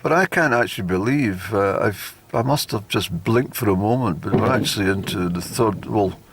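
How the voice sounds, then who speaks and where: Male vlogger, low gravelly voice, casual self-deprecating outdoor chat. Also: normal speed, slight background noise. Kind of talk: rambling casual monologue. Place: outdoors in a car park.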